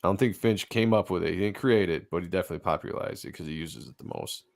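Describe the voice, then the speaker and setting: A man with a fairly low voice hosts a laid-back livestream about comic book art. He talks with easy enthusiasm and drops casual swears along the way. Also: racing, creaky. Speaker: host.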